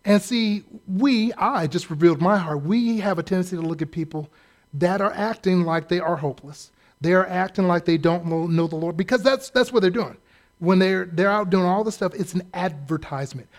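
A pastor with a fairly high voice preaches a sermon in a loose, conversational style, moving between quiet asides and loud bursts. He drops into quick mimicked voices to drive points home, animated and jokey yet still delivering a pulpit message.

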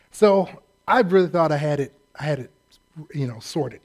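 A man preaching a sermon as a humorous personal story, self-deprecating and acting out shouted drill-staff voices. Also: fairly high pitch, moderate pace. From California, US.

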